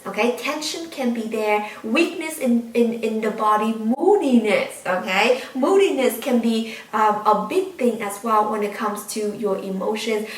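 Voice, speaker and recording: High-voiced woman giving spiritual guidance. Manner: earnest, emphatic, repeats key words, addresses viewers directly. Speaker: tarot reader and spiritual channel host. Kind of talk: spiritual guidance talk to camera. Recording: roomy echo, mic at a distance.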